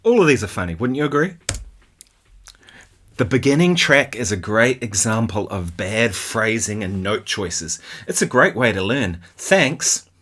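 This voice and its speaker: A man's voice: lowish voice, big pitch swings, measured pace, fairly bright tone. Chatty New Zealand man. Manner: chatty, laughs often, keeps asking "right?". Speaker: guitarist and channel host. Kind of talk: casual commentary on viewer comments.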